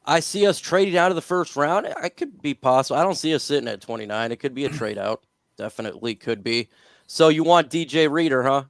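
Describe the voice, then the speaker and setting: A man's voice: a little high, expressive, a little fast, vocal fry, no echo, studio quality. A man hosting a casual sports talk livestream, upbeat, plugging his radio spot between takes. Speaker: host.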